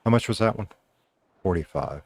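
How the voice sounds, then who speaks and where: A man's voice: sits low, animated, moderate pace, creaky, slightly rough, dry recording. A middle-aged man, a former radio DJ, casually chatting with viewers while streaming a game, laid-back and swearing now and then.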